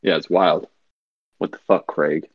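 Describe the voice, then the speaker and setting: A man's voice: sits low, fairly even intonation, measured pace, vocal fry, husky, lo-fi sound. A man as a podcast guest in casual chat, dropping wry quips and chuckling, recorded over a remote voice chat.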